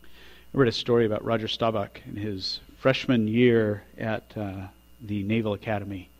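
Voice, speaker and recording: A male pastor preaching a sermon, building to loud, emphatic peaks and dropping quiet at the ends of phrases. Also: fairly low pitch, flat delivery, normal speed.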